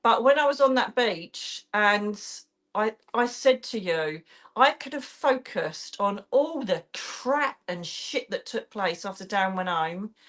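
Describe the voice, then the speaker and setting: A woman's voice: mid-range voice, expressive, takes it slowly, fairly bright tone. A middle-aged woman, a psychic medium host chatting casually on a live stream, blunt and swearing freely as she tells stories.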